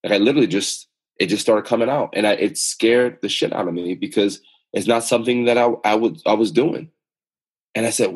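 A man appears as a guest on an interview podcast, an author and speaker on self-awareness, sharing personal stories with earnest, motivational emphasis. His voice is on the low side, a little mellow and breathy, and he talks quickly.

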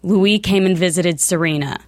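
A young woman co-hosting a casual chat in a lowish voice, mostly chiming in with short comments and quick agreement. Her voice sounds dry and close. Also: dry recording. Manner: brief agreeing interjections.

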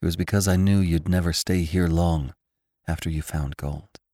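A man's voice: deep voice, fairly even intonation, normal speed, warm tone, dry recording, clean studio sound. A man voicing a shy, devoted young frontier woman who speaks earnestly and hesitantly. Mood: troubled.

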